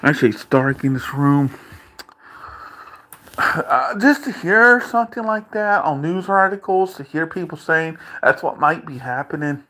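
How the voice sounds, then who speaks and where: A man vlogging an angry, profane rant from a dark room at home, taunting and repeating himself. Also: on the high side, expressive, a little slow.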